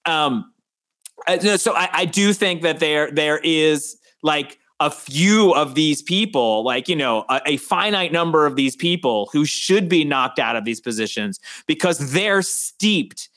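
A man's voice: a little high, expressive, measured pace, fairly bright tone. A man from Westchester, a guest author, speaking casually and thoughtfully, hedging often with "sort of" and "right?". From Westchester, New York. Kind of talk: casual interview talk.

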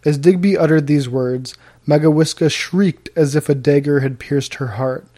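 A man narrating an audiobook of a historical novel in a steady, formal storytelling manner. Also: a little high, normal speed, few pauses.

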